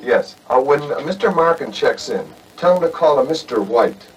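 An actor playing a young man putting on a Southern drawl to fool the phone operator. He stammers and hedges, politely pushy, with a middling pitch. The sound is old movie audio, heard from a distance with faint hiss. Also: expressive, normal speed, close to an everyday voice. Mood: nervous, insistent. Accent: put-on American Southern.

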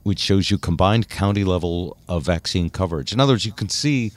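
A man's voice: low-pitched, brisk, no room sound. A man hosting a casual talk show, chatty and steering the topics. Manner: chatty, steers topics, thinks aloud with fillers. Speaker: host.

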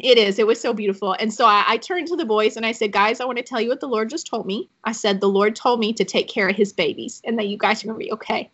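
A woman's voice: a little high, fast, few pauses, fairly bright tone, dull audio. Emotional woman telling her story. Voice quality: emotional, choking up at times. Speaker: podcast guest. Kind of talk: personal faith testimony.

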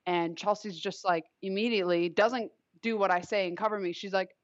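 A woman's voice: mid-range voice, fairly even intonation, brisk, few pauses, dry recording. A young woman from Long Island telling a personal story in a casual, chatty way, filling her sentences with "like.". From Long Island, New York. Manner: chatty, heavy use of "like" fillers. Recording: dull, lo-fi, dry recording.

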